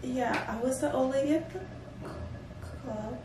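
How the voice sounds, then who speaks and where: Woman host recounting a trip with lively, playful delivery; echoey room, distant mic. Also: sits high, unhurried, noisy background. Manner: animated, playful storytelling with bursts of laughter. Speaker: vlog host. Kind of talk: casual chat.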